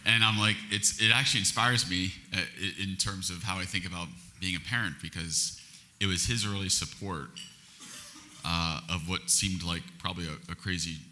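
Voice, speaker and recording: Executive in his forties, low and crisp-bright, earnest, thinks aloud. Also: fairly even intonation, moderate pace, slight background noise. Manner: reflective, earnest, with restarts. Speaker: company CEO, guest speaker. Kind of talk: stage interview answers. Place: event hall on stage.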